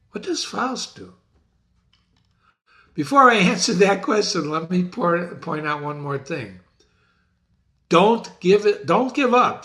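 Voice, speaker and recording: A man in his sixties giving a literature lesson, asking his listeners many questions and reading quotes slowly. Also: sits high, pushed and bright. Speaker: literature teacher. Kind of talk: lively literature lecture.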